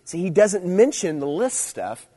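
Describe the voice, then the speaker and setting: A middle-aged man preaching to teenagers, swinging between loud emphasis and quiet asides. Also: sits high, big pitch swings, a little slow, slightly rough. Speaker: youth speaker. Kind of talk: sermon.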